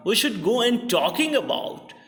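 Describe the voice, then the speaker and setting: A man with an Indian English accent giving a literature lecture, pausing often with fillers and restarts. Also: extremely high pitch, very animated, fairly bright tone, soft background music. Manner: hesitant, many fillers and restarts. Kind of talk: classroom lecture. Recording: reverberant hall, voice from far off.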